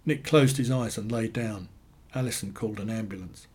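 A man reading short stories aloud in a dry, deadpan way. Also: lowish voice, normal speed, husky. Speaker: narrator.

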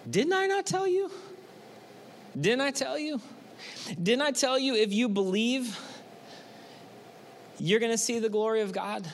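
A man's voice: very high-pitched, lively intonation, unhurried, pauses often, a little hiss or hum, full character voice. A man voicing an earnest, reassuring Jesus. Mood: insistent.

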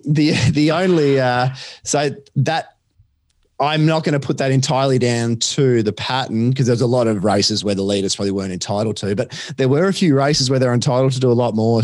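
An Australian man tipping horse races on a podcast, chatty and quick, with lots of fillers and restarts. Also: medium pitch, darkish tone, no room sound, studio quality. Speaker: racing podcast tipster. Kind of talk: casual racing chat.

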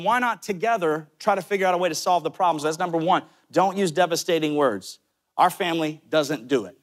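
A man with a Southern US accent preaching a sermon, talking directly to his listeners with quick asides. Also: on the high side. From American South. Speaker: pastor.

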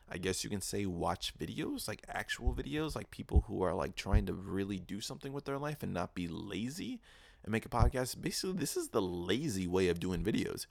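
A young man hosting his own podcast, telling a profane, animated story with mock-quoted asides. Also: sits low, gravelly, no echo. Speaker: podcast host. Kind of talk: casual solo podcast rant. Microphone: podcast microphone.

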